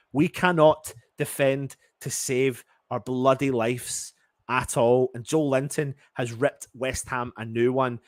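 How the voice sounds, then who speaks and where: A man's voice: mid-range voice, dry recording. A man from England calls a match live as a frustrated fan, swearing freely and veering from deflated mutters to raised, urgent outbursts. His voice sits in a middle register. The sound is dry and close, with no room around it. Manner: exasperated, swearing, shifts from muttering to shouting. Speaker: fan channel match commentator. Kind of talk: live fan reaction commentary.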